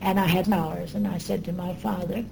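An older woman being interviewed, recounting her memories in an earnest, reflective way with pauses and fillers. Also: on the low side, fairly even intonation, gravelly, dark tone, slight background noise, rough recording.

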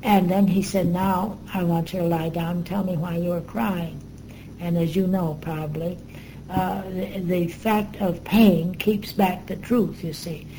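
An older woman recalls her past for an interviewer. Her voice is warm and mellow, and she speaks earnestly and reflectively, often pausing with small fillers. A faint background noise runs under her. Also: lowish voice, fairly even intonation, poor audio. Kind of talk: recounting memories in an interview.

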